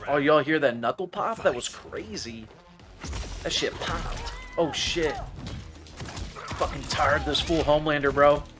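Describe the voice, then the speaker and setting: A man's voice: a little high, a little slow, pauses often. A man live-streaming a fighting game, talking to his chat in casual slang, cursing and calling people bro. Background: game music.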